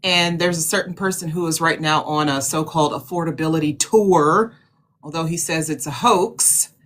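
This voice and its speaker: A woman moderator speaks over a video call. Her delivery is lively and expressive, and she slips into easy laughter as she moves the discussion along. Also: low-pitched, normal speed. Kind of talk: moderating an online town hall.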